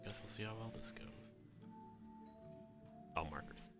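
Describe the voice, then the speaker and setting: A man's voice: lowish voice, unhurried, in a whisper, loud music behind the voice. A man streaming an online game, muttering to himself and calling out raid mechanics in casual commentary.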